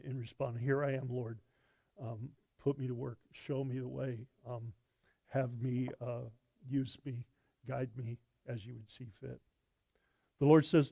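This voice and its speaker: A male pastor teaching a sermon in a conversational way, pausing often with fillers and restarting phrases. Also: mid-range voice, creaky, warm tone, no room sound. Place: church sanctuary.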